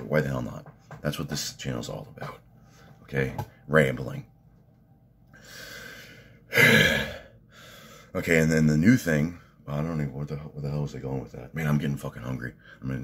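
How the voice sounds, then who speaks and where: Man, extremely low voice, rambling casual vlog talk, swears a lot, faint room noise. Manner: rambling, profane, laughs at his own stories. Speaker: fitness vlogger and coach.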